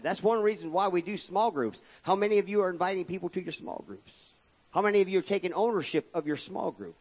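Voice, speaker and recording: A man preaching from the pulpit with a slightly raised pitch, addressing the congregation directly as folks. His delivery presses hard on key words, then drops back into quieter asides. The sound comes through a dull, lo-fi church recording. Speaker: pastor. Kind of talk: sermon.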